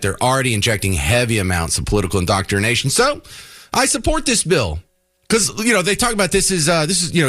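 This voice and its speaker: Combative talk radio host. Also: male voice, fairly bright tone. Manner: combative, emphatic, swings pitch up to punch points. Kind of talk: opinionated talk radio monologue.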